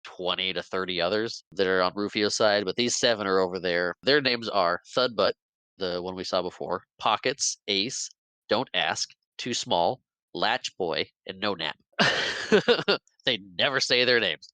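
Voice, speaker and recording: Lowish guy with a crisp bright voice, chatty movie recap, jumps into character lines, dry close mic. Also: a little slow, no room sound, rough recording. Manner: animated retelling, acting out characters' lines with laughs. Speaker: podcast host. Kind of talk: casual movie recap chat.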